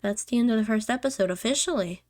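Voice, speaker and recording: A woman casually commenting on a visual novel as she plays, excitable and thinking aloud. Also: fairly high pitch, quick pace. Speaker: let's-play streamer.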